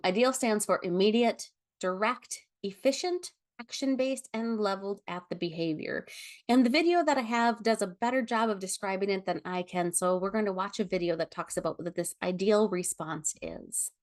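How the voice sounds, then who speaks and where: A woman leading a foster care training lecture, explaining gently with frequent ums and self-corrections. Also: mid-range voice, animated, moderate pace.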